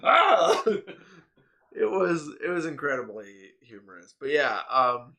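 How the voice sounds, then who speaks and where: A young man co-hosting a casual podcast, telling stories in an animated way, laughing often and swearing freely. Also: mid-range voice, measured pace. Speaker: podcast co-host. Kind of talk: casual chat.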